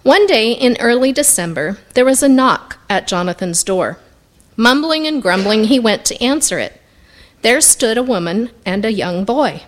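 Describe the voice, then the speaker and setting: A woman reading a Christmas picture book aloud with expressive storytelling. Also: fairly high pitch, normal speed. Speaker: story reader.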